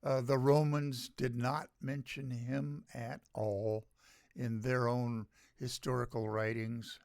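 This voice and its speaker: Older man, american, podcast rant, gravelly voice, unhurried pace, dry close sound, halting, sardonic. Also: mid-range voice, level tone, darkish tone, no echo. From United States. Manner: halting and sardonic, with many filler pauses. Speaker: podcast host. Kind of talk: solo opinion rant.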